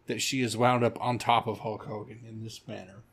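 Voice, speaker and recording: A man co-hosting a casual movie-review podcast, telling scenes in an animated way and laughing often. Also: fairly low pitch, fairly quick, creaky, breathy edge. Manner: animated storyteller, laughs often, acts out quotes. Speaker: podcast co-host.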